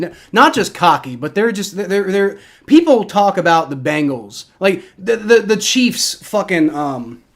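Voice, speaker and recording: A young man hosting a live football reaction stream, talking in a heated, profane rant and often repeating himself and restarting. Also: a little high. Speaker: livestream host reacting to football.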